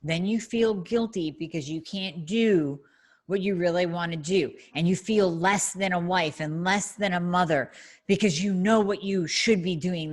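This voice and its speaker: A middle-aged woman with a somewhat low voice hosts a solo podcast. She talks in a blunt, casual, emphatic way and acts out everyday scenes as she goes. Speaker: podcast host.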